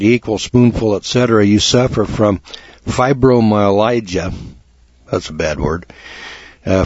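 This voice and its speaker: A man's voice: on the low side, darkish tone, no room sound, dull audio. A man hosting a talk radio show, rambling in a folksy, blunt way with lots of fillers and restarts.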